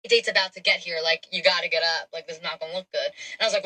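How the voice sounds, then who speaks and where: A woman's voice: lowish voice, very fast, hardly any pauses, low-quality recording. A young woman telling a dating story in a casual, chatty way, full of fillers. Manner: chatty, animated, frequent fillers. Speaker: storyteller in a played clip.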